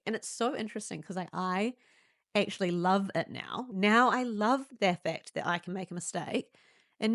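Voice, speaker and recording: A young New Zealand woman hosting a podcast, telling a personal story candidly and acting out quoted lines in sudden high voices. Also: moderate pace, a bit bright, no echo, studio quality. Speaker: podcast host.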